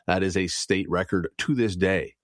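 A man's voice: deep voice, normal speed, no room sound, clean studio sound. A man hosting a radio segment, reading news and on-this-day trivia in a casual, chatty way with wry asides. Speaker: radio host.

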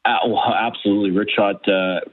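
A man calls in to a radio show as a local mayor. His voice is very low and flat, and it comes through a tinny phone line. He talks in an upbeat, promotional way with many fillers. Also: a little fast. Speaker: municipal mayor, radio guest. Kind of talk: phone interview.

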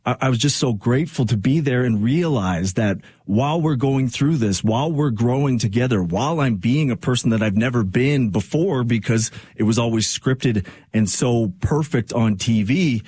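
A man's voice: mid-range voice, moderate pace, hardly any pauses, darkish tone, husky, no room sound. A man hosting a radio talk show, speaking in an earnest, reflective monologue that rambles with fillers. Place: radio studio.

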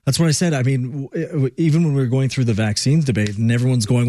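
A man's voice: mid-range voice, fairly even intonation, quick pace, few pauses, dark tone, dry recording. A male podcast host speaking heatedly and indignantly in an interview. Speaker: show host.

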